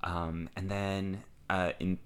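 A man's voice: sits low, level tone, takes it slowly, a bit bright, clear, resonant tone. A young man, an actor and guest, chatting loosely and laughing often. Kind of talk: casual chat.

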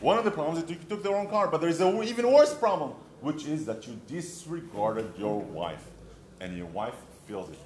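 A man's voice: fairly high pitch, expressive, normal speed, a little mellow, slight background noise. A man giving a short humorous sermon as a rabbi, telling stories and addressing the listener directly. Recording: echoey room.

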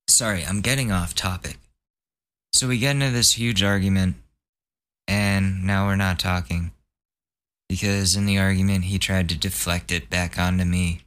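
The speaker is a young podcast host on a casual rant, exasperatedly telling a long story full of profanity and mimicking others in put-on voices. His deep, slightly bright voice keeps fairly even intonation at a normal speed.

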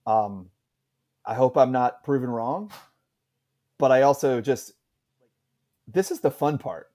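A man's voice: mid-range voice, lively intonation, slow pace, dark tone. Rambling man chatting about college football. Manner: rambling, lots of "like" and restarts. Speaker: podcast co-host. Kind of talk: casual sports chat.

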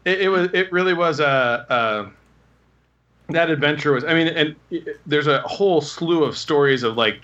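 Animated storytelling man, bright lo-fi sound. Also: a little high. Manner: rambling, animated anecdotes with acted quotes. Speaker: guest telling stories. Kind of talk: casual storytelling.

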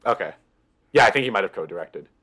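On the low side with a sharp tone, this man talks fast and with lively intonation as he co-hosts a podcast. The casual chat is eager and wandering, thick with filler words.

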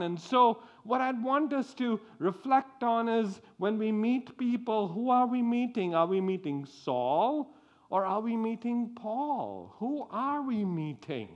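A man preaching a sermon, speaking slowly with frequent repeated restarts. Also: extremely high pitch, fairly bright tone, muffled recording.

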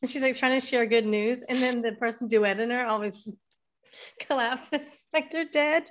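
A woman's voice: on the high side, normal speed. A woman co-hosting a podcast in casual chat, teasing and blunt, with a headache. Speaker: podcast co-host.

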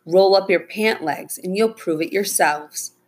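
An eager young boy who brags and explains with confidence, voiced by a woman in a raised, husky tone. He speaks in quick, proud bursts in this storybook reading. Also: fairly low pitch, pitched above the performer's own voice. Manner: eager, boastful.

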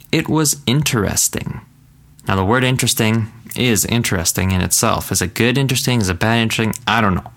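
A man gives a casual language lesson in a relaxed, chatty way. His voice sits low and has a gravelly edge. He drawls the practice phrases out slowly and repeats them. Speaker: language teacher.

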